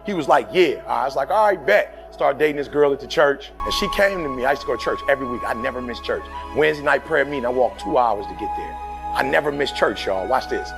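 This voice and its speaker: A man's voice: mid-range voice, animated, fast, gravelly. A middle-aged man from Detroit, giving a fiery, slangy motivational speech full of stories. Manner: fiery, preachy, slangy storytelling. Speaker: motivational speaker. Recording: faint music underneath.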